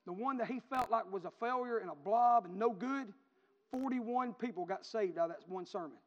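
A man's voice: high-pitched, moderate pace. A man preaching a sermon as a pastor, telling stories with fervent repetition. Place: church sanctuary. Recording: dull lo-fi recording with long church reverb.

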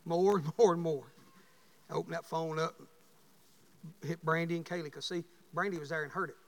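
A middle-aged preacher man with a high, ringing voice. He tells homespun stories, then swells into fervent, shouted exhortation. The sound carries the long reverb of a church hall. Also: fairly even intonation, moderate pace. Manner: folksy storytelling, rising to fervent shouts. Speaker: pastor. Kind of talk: sermon.

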